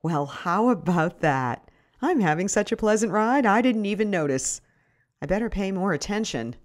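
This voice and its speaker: A middle-aged woman narrates her own story in a wry, deadpan way. Her pitch moves in a lively way through each line. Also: moderate pace. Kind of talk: first-person memoir reading.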